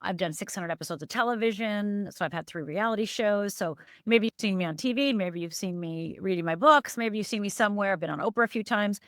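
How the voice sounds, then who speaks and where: A woman's voice: fairly quick, hardly any pauses, a bit bright, no echo. Earnest middle-aged woman, dry close sound. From Upper Michigan, USA. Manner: earnest, emphatic, with sudden lifts and drops in pitch. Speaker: life coach guest. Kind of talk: emotional personal storytelling.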